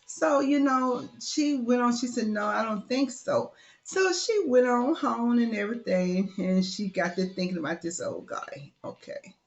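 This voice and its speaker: A woman's voice: fairly high pitch, unhurried, darkish tone, muffled recording. A woman telling a story in a loose, chatty way, full of "you know" and asides. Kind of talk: casual oral storytelling.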